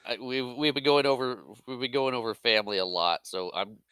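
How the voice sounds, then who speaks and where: A man's voice: mid-range voice, brisk, fairly bright tone, smooth, no echo. A man co-hosting a casual movie podcast, laughing along and running through facts. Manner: easygoing, laughs often, lists facts. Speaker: podcast co-host.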